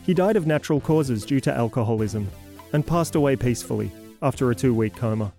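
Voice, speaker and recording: A man hosting and narrating a fiction podcast, delivering a scripted intro with deadpan dark humor. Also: mid-range voice, brisk, gravelly, soft background music.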